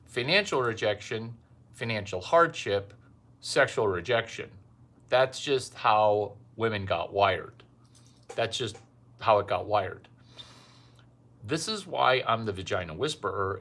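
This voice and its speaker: A man's voice: medium pitch, pushed and bright. A man delivering a rambling, provocative comic monologue with brash, repetitive phrasing. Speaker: self-styled dating advice comedian.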